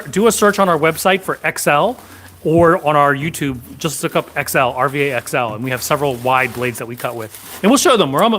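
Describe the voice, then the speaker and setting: Relaxed man rambling on a livestream. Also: a little high, slight background noise. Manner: relaxed, rambling, answers chat questions. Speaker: host of a sword shop livestream. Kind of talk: casual livestream chat. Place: shop back room behind sword racks.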